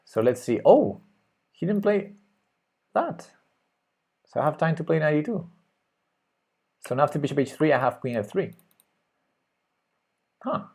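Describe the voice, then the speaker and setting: A man streaming live chess, thinking aloud about his moves and jumping up in pitch when something surprises him. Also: big pitch swings, unhurried, pauses often, warm tone, husky.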